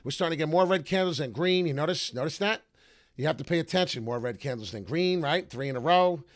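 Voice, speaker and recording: A man's voice: fairly high pitch, lively intonation, fast talker, no room sound, studio quality. A man streaming crypto chart talk in a brash, slangy, rambling way with many filler uhs. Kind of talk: casual live commentary.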